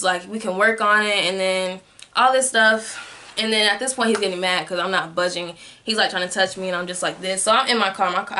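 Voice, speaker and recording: A young woman telling a personal story in a candid vlog, filling her speech with "like" and growing soft and subdued at times. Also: mid-range voice. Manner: candid, heavy use of "like" as filler. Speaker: vlogger.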